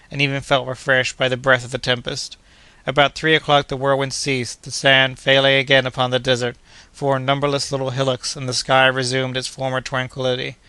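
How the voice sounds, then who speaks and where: A man reading a classic adventure novel aloud in a steady, measured narration. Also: medium pitch, clean tone, no echo. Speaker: audiobook narrator. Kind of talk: scripted narration.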